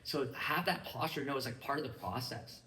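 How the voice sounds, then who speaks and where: A man giving an energetic motivational training talk to a live group, often checking that his listeners follow him. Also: medium pitch, a little fast. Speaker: business mindset trainer. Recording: echoey room, mic at a distance.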